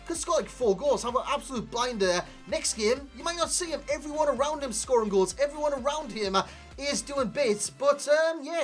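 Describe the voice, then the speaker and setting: A man giving a chatty, animated video game player review, talking to viewers as lads, recorded as a desk mic voice-over. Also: very high-pitched. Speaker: gaming YouTuber.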